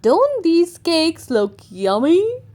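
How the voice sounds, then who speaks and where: A woman's voice: very high voice, wildly swooping pitch, slow pace, darkish tone, voice pushed up, exaggerated voice. A woman voicing a playful, jolly old grandfather pig in a storybook read-aloud.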